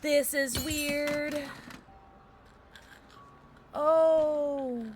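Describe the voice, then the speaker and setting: A woman streaming a game, chatting casually and excitably with quick exclamations, swearing and laughing often. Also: sits high, soft background music. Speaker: livestreamer. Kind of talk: casual gameplay commentary.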